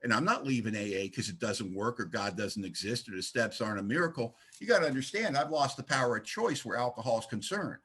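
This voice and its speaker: A man's voice: medium pitch, lively intonation, fast talker, hardly any pauses, fairly bright tone, husky. A man giving an emphatic, folksy share at a recovery meeting, telling his story with blunt humor over a video call. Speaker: speaker sharing recovery story.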